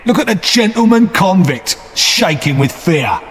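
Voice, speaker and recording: A man voicing a rough, bitter escaped male convict who speaks fiercely and scornfully. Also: high voice, sing-song, a little slow, voice pushed up. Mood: defiant. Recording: long hall reverb.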